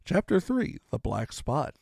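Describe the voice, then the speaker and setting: A man's voice: a little high, sing-song, a little slow, creaky, darkish tone, no room sound, clean studio sound. A man reading a classic adventure novel aloud, narrating expressively in the first person. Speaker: storyteller.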